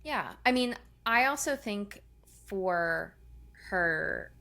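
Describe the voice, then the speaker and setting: A woman co-hosting a podcast in casual chat, thoughtful and soft-spoken. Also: medium pitch, expressive, slow pace, vocal fry. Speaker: podcast co-host.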